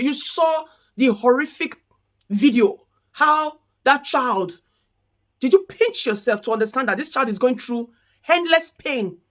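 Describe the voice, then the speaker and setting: Indignant high-voiced woman. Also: fairly bright tone. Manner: indignant, repetitive rhetorical questions. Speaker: commentary vlogger. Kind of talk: impassioned commentary rant.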